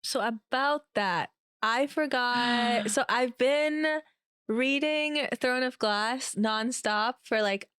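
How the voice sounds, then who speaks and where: Woman, podcast co-host, playful dramatic chat, smooth clear voice, dry close recording. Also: a little high, slow, a bit bright, dry recording. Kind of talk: casual chat.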